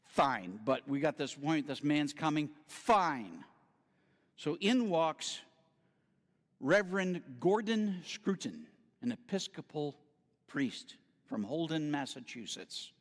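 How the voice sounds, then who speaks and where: Male guest speaker, sermon storyteller; slow, expressive, slightly high. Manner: animated, theatrical storytelling. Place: spiritual center sanctuary. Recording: reverberant hall.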